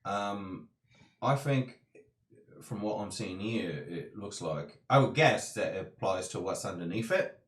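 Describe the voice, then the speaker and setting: A man chatting as a player in a tabletop game, animated and chatty. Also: on the low side, unhurried. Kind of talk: casual tabletop play. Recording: echoey room.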